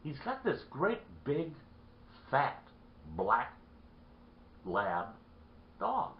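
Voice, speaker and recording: A man's voice: fairly high pitch, wildly swooping pitch, extremely slow, slight background noise. Folksy man telling a campfire-style tale. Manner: rambling, repeats himself. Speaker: storyteller. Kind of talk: folksy spoken storytelling. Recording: roomy lo-fi recording.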